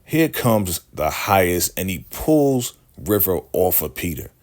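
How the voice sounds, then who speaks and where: A man's voice: sits low, very animated, unhurried, a little mellow. A man recapping a TV drama episode in a chatty way, often tagging his points with "right?". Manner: chatty, keeps asking "right?", acts out quotes. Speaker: show recapper.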